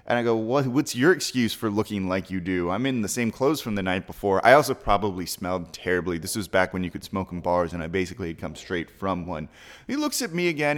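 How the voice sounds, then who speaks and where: A young man telling a long, rambling story in casual chat, with lively jumps in his voice. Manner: rambling, animated storytelling with big pitch jumps. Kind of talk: casual anecdote.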